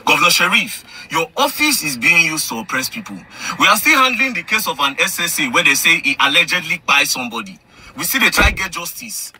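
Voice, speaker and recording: Confrontational Nigerian male ranter, bright and animated, repetitive. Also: fairly high pitch, brisk, husky. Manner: confrontational, repetitive, mixing English and Pidgin. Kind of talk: heated direct-to-camera rant.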